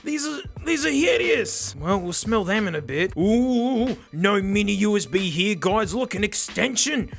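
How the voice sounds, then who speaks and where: An excitable man with a raspy, hoarse voice reviews a gadget in mock-dramatic bursts. His voice sits high and swings wildly up and down, with faint music underneath. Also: a little slow, few pauses. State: hoarse from yelling. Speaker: tech reviewer host. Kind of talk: casual gadget unboxing review.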